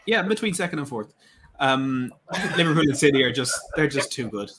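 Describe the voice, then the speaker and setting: A man's voice: mid-range voice, animated, a little fast, noisy background. A man on a podcast, hesitant and hedging his answers. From Ireland. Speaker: podcast guest. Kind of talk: casual podcast chat.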